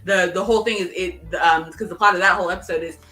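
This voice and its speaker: A woman co-hosting a casual chat, excitedly retelling a TV episode and acting out its dialogue. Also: lowish voice, fast, reverberant, far from the mic, faint music behind. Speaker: podcast co-host. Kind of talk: casual chat recapping a TV show.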